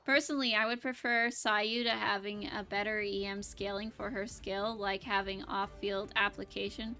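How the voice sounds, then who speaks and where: Pushed and bright at a medium pitch, this woman's voice belongs to a VTuber who games on a live stream while chatting casually, rambling with frequent restarts and plenty of giggles.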